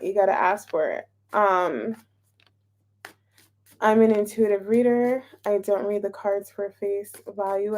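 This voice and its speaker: A woman's voice: medium pitch, dark tone. A woman giving a casual, playful tarot reading, chatting openly and emotionally as she shuffles and pulls cards. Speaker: tarot reader.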